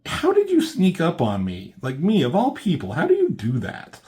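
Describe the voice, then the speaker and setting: A man voicing a gruff male caped crusader while retelling a comic book, switching between incredulous questions and dry, deadpan deductions. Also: on the low side, a little fast, natural voice.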